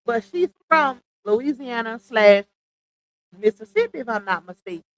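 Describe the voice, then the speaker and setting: High-voiced woman chatting on a livestream. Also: expressive, normal speed, low-quality recording. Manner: chatty, laughs often, reads posts aloud. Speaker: livestream commentator. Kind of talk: casual commentary livestream.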